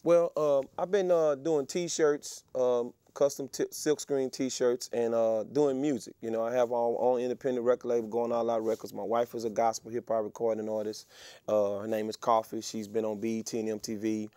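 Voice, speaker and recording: A middle-aged man, an interview guest telling a story in a casual, animated way with many fillers and restarts. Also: mid-range voice, normal speed, clean tone, no room sound. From Texas.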